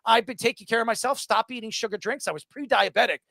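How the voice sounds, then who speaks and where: Ny guy hosting a sports chat, high pitched and gravelly, tells stories with lots of energy. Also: fast, no room sound. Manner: animated storytelling with mock voices. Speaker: podcast host. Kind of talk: casual chat.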